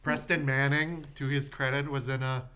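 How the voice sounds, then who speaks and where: A man's voice: mid-range voice, level tone, moderate pace, pushed and bright. A man co-hosting a casual podcast. He chats and jokes, slides into mock rants, and laughs often. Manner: joking, ranting, laughs often. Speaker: podcast co-host.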